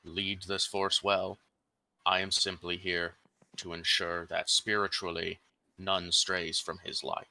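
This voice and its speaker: A man's voice: sits low, flat delivery, gravelly, sharp tone, heavily acted, poor audio. A man doing a grave, pious army chaplain. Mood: solemn. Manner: slow, grave pronouncement. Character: solemn male army chaplain, stern and pious.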